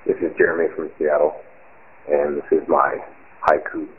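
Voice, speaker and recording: A man reciting a short poem in a flat, even way over a voicemail. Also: rumbling low, normal speed, breathy edge. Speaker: voicemail caller. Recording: tinny phone line with faint hiss.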